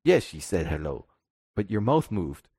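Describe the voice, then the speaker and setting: A man's voice: low-pitched, very animated, normal speed, dark tone, slightly rough, no echo, clean studio sound, heavily acted. A man putting on a Spanish-accented bugbear adventurer. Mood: matter-of-fact. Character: male bugbear adventurer with a Spanish accent, rolling his R's.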